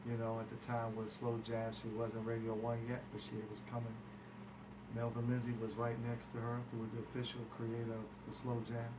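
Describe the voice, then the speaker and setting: A man's voice: medium pitch, completely flat delivery, a little fast. A man recounting a story as a guest, acting out quoted speech and swearing freely. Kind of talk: animated storytelling. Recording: distant mic with background hiss.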